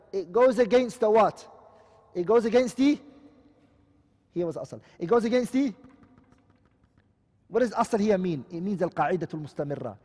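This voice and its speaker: A man's voice: high voice, warm tone. Guy teaching a class, keeps asking the students questions, echoey hall. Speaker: Islamic studies teacher. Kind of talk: classroom lecture.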